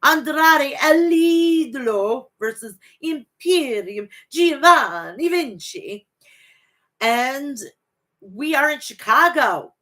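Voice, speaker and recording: A woman in her forties hosts a laid-back wrestling show, talking slowly in a high, animated, slightly bright voice. She reads her live chat aloud, swearing freely, gushing and rambling as she goes.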